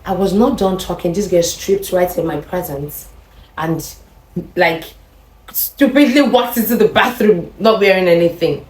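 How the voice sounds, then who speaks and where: A Nigerian woman telling a personal relationship story to her viewers in an animated way, often talking to them directly. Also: on the low side, a little slow. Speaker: vlogger. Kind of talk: storytime monologue. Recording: roomy echo.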